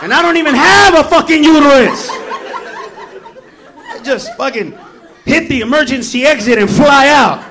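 A man's voice: very high voice, expressive, normal speed, long pauses, bright, forceful tone. A man doing a brash, profane stand-up comedy set with mock-defiant swagger.

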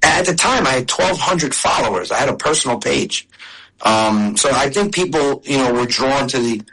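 A man's voice: medium pitch, animated, normal speed, sharp tone, husky, rough recording. A middle-aged man, a comedian, chatting in an interview in a storytelling way. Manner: storytelling, chatty with restarts and laughs. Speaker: comedian and video creator. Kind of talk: casual interview talk.

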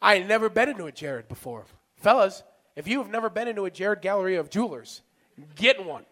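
A man doing a stand-up set, self-deprecating, shifting from muttered asides to shouts. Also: sits high, animated, quick pace. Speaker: stand-up comedian.

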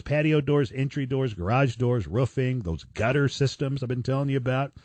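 A man's voice: mid-range voice, a little mellow, slightly rough, no echo. Folksy man doing a live radio ad. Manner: chatty, folksy, ad-libbing asides. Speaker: radio host reading a live ad. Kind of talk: casual live-read radio ad. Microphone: studio microphone.

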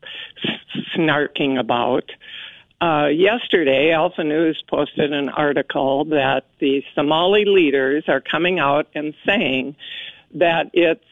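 A woman calling into a talk radio show, speaking in a halting, indignant way over a phone line. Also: deep voice, dry recording. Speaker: caller.

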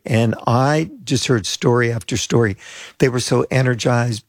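An older man, a pastor, telling a lively personal story as an interview guest and acting out the voices of people he met. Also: medium pitch, normal speed, dry recording. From United States. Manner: chatty anecdotal storyteller, acts out quoted voices.

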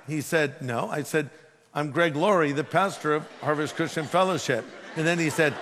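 A man's voice: fairly high pitch, animated, normal speed, fairly bright tone, a little hiss or hum. A man who is a pastor, preaching a sermon with emphatic delivery and humorous storytelling. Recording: long hall reverb.

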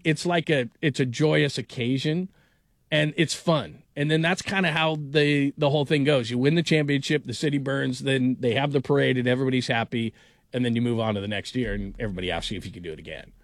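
A man's voice: mid-range voice, dry recording. A man hosting a sports talk radio show, chatting casually and rambling with lots of "like.". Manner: rambling, heavy use of "like".

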